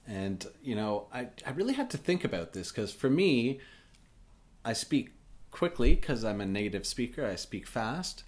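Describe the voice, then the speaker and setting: A man from Canada, demonstrating vowel sounds slowly and stretching each word for learners. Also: mid-range voice, very animated. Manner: says words slowly and drawn out, stretches vowels. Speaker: native-speaker pronunciation partner.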